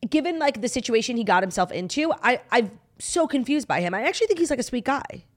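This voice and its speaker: Fast-talking woman co-host, animated. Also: fairly high pitch. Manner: animated, emphatic, quick asides. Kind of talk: casual chat about reality TV.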